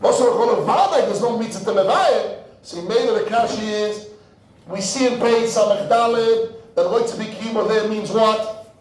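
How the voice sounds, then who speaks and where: A man's voice: high voice, normal speed. A man who is a rabbi, giving an in-depth Talmud lecture, weaving Hebrew and Yiddish terms into English and repeating words as he thinks aloud. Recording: very echoey room.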